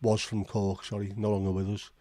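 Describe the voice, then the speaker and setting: Male livestream host, lowish voice, chatty and sweary, dry close sound. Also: little pitch movement, brisk, mellow, dry recording. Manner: chatty, swears freely, reacts with disbelief. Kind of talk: casual chat reading viewer comments.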